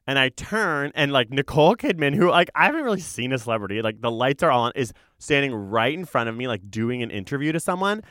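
A young man from Canada telling a story in a casual podcast chat, acting out quotes in high voices. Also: expressive, fast, hardly any pauses, a bit bright, no room sound, clean studio sound. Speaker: podcast co-host.

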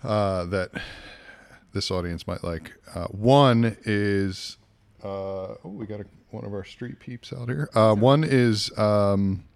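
A man with a fairly low voice, talking loosely as a podcast co-host. He rambles, backtracks and restarts while he recommends shows in relaxed chat. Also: slow pace, creaky. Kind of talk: casual chat.

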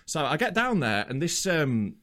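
A man's voice: on the high side, very animated, moderate pace, bright, forceful tone. A young man co-hosting a comedy podcast, telling sweary anecdotes in casual chat. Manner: sweary storytelling, slips into put-on voices. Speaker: podcast co-host.

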